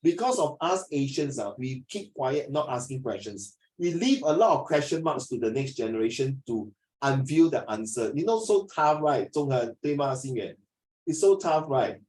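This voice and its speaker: A middle-aged man with a Malaysian English accent teaching an English lesson, lively and lecturing, mixing in Mandarin. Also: medium pitch, moderate pace, roomy sound, low-quality recording. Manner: animated, switches between English and Mandarin, lectures and acts out scenes. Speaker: English tutor. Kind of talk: classroom lesson.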